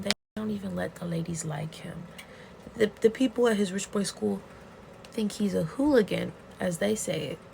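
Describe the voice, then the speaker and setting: A woman vlogger in a casual, excitable rant, retelling a webcomic plot with plenty of swearing and outbursts. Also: medium pitch, vocal fry, slight background noise. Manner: excitable and profane, storytelling with gasps and outbursts.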